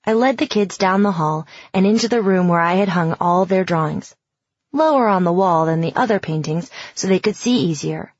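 A woman reading a first-person audiobook in a reflective, even storytelling manner. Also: fairly low pitch, moderate pace, slightly rough, no echo, highs cut off. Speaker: audiobook narrator.

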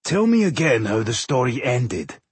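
A man voicing a gruff, blunt male dwarf warrior in an audiobook, speaking with a growl. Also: medium pitch, sing-song, normal speed, no room sound.

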